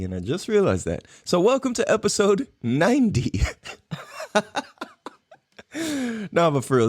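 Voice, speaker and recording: A man's voice: medium pitch, no room sound, clean studio sound. A man hosting a podcast with a Southern Californian accent, talking loosely and profanely, laughing often in a casual solo monologue. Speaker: podcast host.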